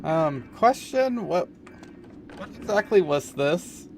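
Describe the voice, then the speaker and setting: A man's voice: fairly high pitch, lively intonation, slow pace, faint music behind. A man streaming a game, musing and rambling in casual commentary, chuckling now and then.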